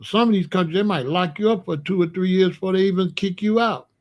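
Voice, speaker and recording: A man hosts a casual live stream as the host of a live call-in show, his voice high for a man. He's a fast talker, animated, laughing between points and calling out viewers by name.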